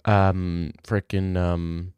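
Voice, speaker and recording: A man's voice: deep voice, flat delivery, drawn-out words, a little mellow, smooth, no room sound. A young man streaming and reading out viewer messages in casual chat, laid-back and blunt, swearing freely.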